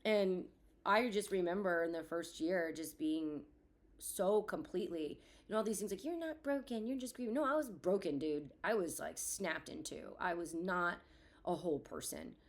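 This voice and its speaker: A woman's voice: lowish voice, moderate pace. Blunt, profane woman hosting a podcast. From Florida. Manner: blunt and profane, swinging between rant and reflection. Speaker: podcast host. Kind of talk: candid solo podcast monologue.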